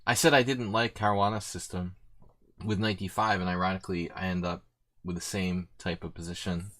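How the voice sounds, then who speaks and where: A man's voice: low voice, fairly even intonation, brisk, a bit bright. A man streaming blitz chess, talking casually and thinking aloud, unsure of himself and self-mocking, with many fillers. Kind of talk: casual live commentary while playing.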